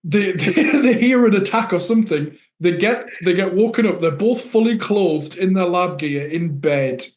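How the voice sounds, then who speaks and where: A man's voice: high-pitched, animated, normal speed. A man with a northern English accent, chatting casually on a podcast and laughing as he retells film scenes. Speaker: podcast co-host. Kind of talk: casual chat. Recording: echoey room.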